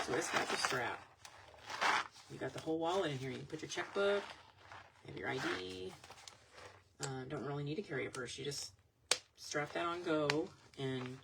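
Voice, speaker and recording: A woman's voice: deep voice, creaky. A woman selling vintage goods online, chatting casually and rambling as she shows items on a live stream. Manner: chatty, rambling, thinks aloud. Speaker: online vintage seller showing products. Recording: loud background noise, crinkling packaging.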